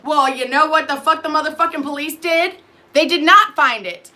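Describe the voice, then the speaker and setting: A woman, a nurse and lactation consultant, ranting heatedly to camera, swearing constantly and swinging from quiet asides to loud outbursts. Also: sits high. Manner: swearing, heated, fast-shifting loudness. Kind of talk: profane ranting monologue to camera.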